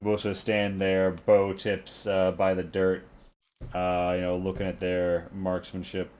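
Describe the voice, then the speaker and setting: Male game master, lowish voice, halting narration with lots of fillers. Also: completely flat delivery, a little mellow, slight background noise.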